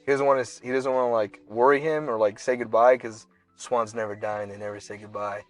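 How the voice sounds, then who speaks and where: A man's voice: mid-range voice, fairly even intonation, fast, faint music behind. A young man co-hosting a podcast, telling a long story in casual slang and acting out characters in bursts. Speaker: podcast co-host. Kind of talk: casual chat.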